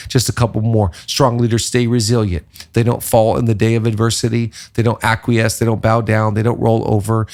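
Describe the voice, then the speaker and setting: A man with a gravelly, rough-edged voice hosts a leadership podcast. He talks in a lively preaching rhythm and stacks up repeated phrases to drive each point home. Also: fairly low pitch. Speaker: podcast host, pastor. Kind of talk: casual leadership podcast talk.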